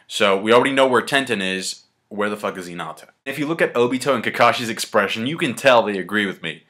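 A man giving a casual manga review, excited and slangy, swearing freely and talking the chapter through. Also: lowish voice, quick pace.

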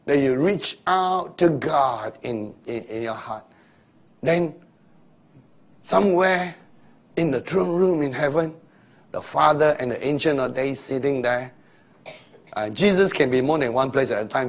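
A man preaching a sermon and telling stories, acting out the scenes, with loose grammar. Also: mid-range voice. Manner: storytelling, acting out scenes with shifting voices; loose non-standard grammar.

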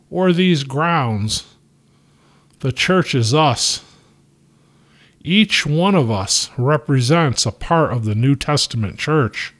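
A steadfast small-town pastor, read aloud by a man, delivers a sermon from the pulpit. He preaches in a firm, measured way with emphatic rises, taking his time over every phrase at a mid-range pitch. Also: natural voice.

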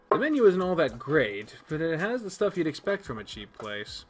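A man's voice: a little high, very animated, moderate pace, few pauses, over music. A man reading a game aloud and commenting casually, joking and swearing freely. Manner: profane, joking, reads all characters aloud. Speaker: video game player. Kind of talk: casual let's-play commentary.

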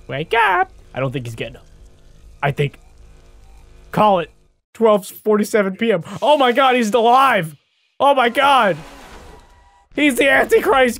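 Excitable man doing gaming commentary. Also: on the high side, no echo. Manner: excitable, jokey, talks to the game character. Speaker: gaming YouTuber. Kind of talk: let's-play commentary.

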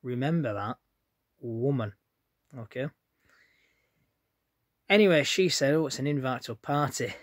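A man's voice: mid-range voice, expressive, unhurried, long pauses, dry recording, studio quality. A man telling a rambling personal story straight to his viewers in a chatty, plain-spoken way. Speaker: vlogger. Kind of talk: casual storytelling to camera.

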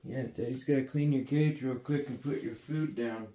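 A man's voice: mid-range voice, steady tone, normal speed, mellow, roomy sound. A man coaxing and cooing at his pet raccoon in doting baby talk while cleaning its cage indoors. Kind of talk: casual vlog, talking to a pet. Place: indoors, near an animal cage.

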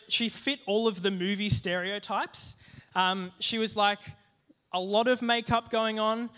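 A young man speaking to a youth group delivers a youth sermon, sharing a personal story in a lively, joking manner with plenty of asides. His voice is high-pitched.

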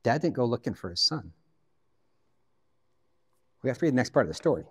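A man from the Pacific Northwest, a guest pastor, preaching a sermon in an animated storytelling way, with joking asides. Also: mid-range voice, fairly quick, husky, long reverb tail.

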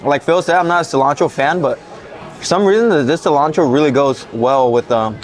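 A man's voice: fairly high pitch, fairly quick. A man hosts a casual food tour vlog from a restaurant table. He talks through each dish with eager, vivid reactions, and faint music plays under his voice. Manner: enthusiastic, tasting and reacting aloud. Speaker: food vlogger host.

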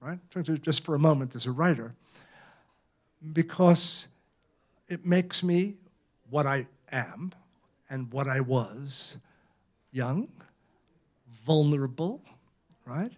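Slow and darkish in tone, this mid-range male voice pauses often as an eighty-something Brooklyn author tells anecdotes at a public talk in a library event room. He stays conversational, repeatedly checking in with the crowd and tagging phrases with "right?".

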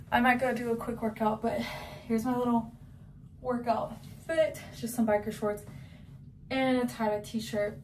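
A woman's voice: medium pitch, darkish tone, recorded from a distance, slight background noise. A young woman from Georgia, a little out of breath, chatting through a casual vlog update from her office. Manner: chatty, rambling with fillers. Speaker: vlogger. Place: office at work.

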